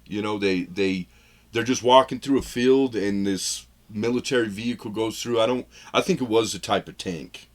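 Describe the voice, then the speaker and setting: A man with a lowish voice speaks at a moderate pace while co-hosting a film review podcast. His casual chat rambles loosely, and he acts out the lines he retells and laughs at his own jokes.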